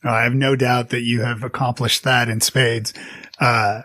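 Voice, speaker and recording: A man's voice: medium pitch, flat delivery, moderate pace, no room sound. Guy hosting a podcast, chatty, lots of um and you know, dry close mic. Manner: warm, chatty, lots of fillers. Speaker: podcast host. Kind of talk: interview conversation.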